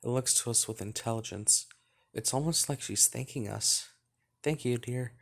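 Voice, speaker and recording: A man reading a dating-style game's narration aloud for his let's play, calm and even in delivery. His voice sits at an ordinary male pitch, and he drops in quick asides of his own between lines. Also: creaky. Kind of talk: reading a visual novel aloud.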